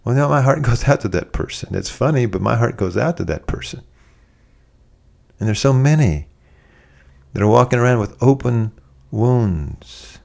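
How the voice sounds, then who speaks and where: A man preaching a sermon, animated and conversational, acting out quoted voices as he speaks. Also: mid-range voice, normal speed, gravelly, long pauses.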